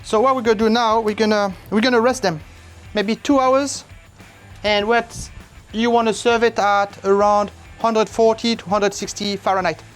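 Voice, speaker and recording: A playful barbecue host talks through a cooking demonstration step by step in a relaxed, easygoing way. Silly asides and sing-song exclamations pop up between the instructions. The voice sits in a middle pitch, with faint music playing in the background. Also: moderate pace. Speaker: barbecue cook and channel host. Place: outdoors at a large smoker.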